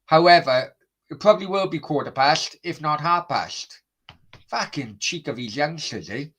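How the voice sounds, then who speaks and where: A man's voice: fairly high pitch, lively intonation, moderate pace, a bit bright. A man hosting a football watchalong stream, chatting bluntly and swearing as he answers his chat. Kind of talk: casual live-stream chat.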